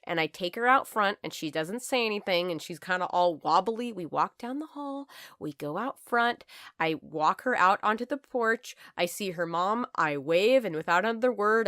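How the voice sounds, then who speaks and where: A young woman from California telling a storytime vlog in an animated, profane, emphatic way. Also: mid-range voice, normal speed, no room sound, studio quality. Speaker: vlogger.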